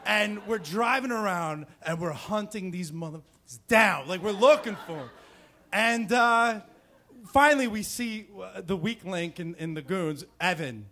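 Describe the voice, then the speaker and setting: A man in his thirties from New Jersey tells a personal story on stage in a fairly high voice. He talks casually and rambles, with plenty of fillers and restarts. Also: expressive, measured pace, sharp tone. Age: 30s. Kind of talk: live storytelling. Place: stage before a live audience.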